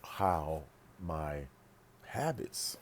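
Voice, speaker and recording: A man's voice: very deep voice, very animated, drawn-out words, a little hiss or hum. A man vlogging in a casual monologue, emphatic and rambling, repeating phrases for stress. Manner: rambling, with restarts and asides. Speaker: pastor and vlogger.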